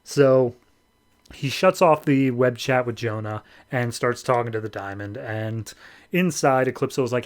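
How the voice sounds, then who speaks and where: A man hosts a podcast and recaps a comic book in casual, animated storytelling. His tone is sarcastic at times, and his voice sits at an ordinary middle pitch. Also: unhurried. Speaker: podcast host.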